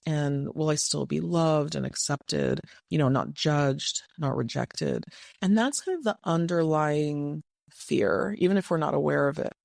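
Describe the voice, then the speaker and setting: Gravelly, dry-sounding advice podcast host. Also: medium pitch, dry recording. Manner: gentle, reflective, slightly playful. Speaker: podcast host and couples coach.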